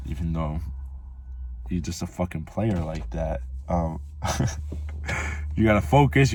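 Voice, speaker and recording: A man's voice: low-pitched, darkish tone, slight background noise. A man vlogging casually, telling a rambling story full of swearing and filler words. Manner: rambling, profane, lots of "like" fillers.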